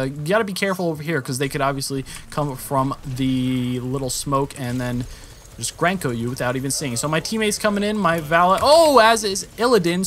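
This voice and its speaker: A man's voice: fairly high pitch, slight background noise. A young man giving rambling, casual commentary over his own gameplay, correcting himself often and jumping up when the action picks up. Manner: rambling, self-correcting, jumps up in excitement at action.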